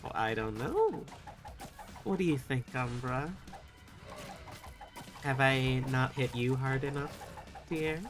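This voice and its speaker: A woman's voice: very deep voice, animated, takes it slowly, long pauses, music in the background. A woman streaming live, chatting with viewers in a playful, teasing, sultry way. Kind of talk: casual live-stream chat with chat readings.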